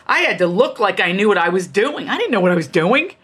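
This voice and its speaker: A middle-aged woman author, a guest in an interview, telling her stories in an emphatic, animated way with quick asides. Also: medium pitch, breathy edge. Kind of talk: candid conversational storytelling.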